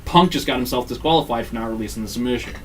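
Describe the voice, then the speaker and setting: Racing through a wrestling game recap, a podcast host speaks in a mid-range voice on a distant mic with a slight hiss or hum. The telling is casual, profane, and lively, full of acted-out quotes.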